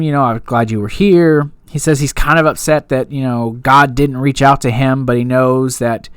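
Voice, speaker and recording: A man's voice: medium pitch, a bit bright, clean tone, no room sound, clean studio sound. Chatty man recapping a TV episode. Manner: chatty, rambling, full of fillers. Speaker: TV episode reviewer. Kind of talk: casual recap and review.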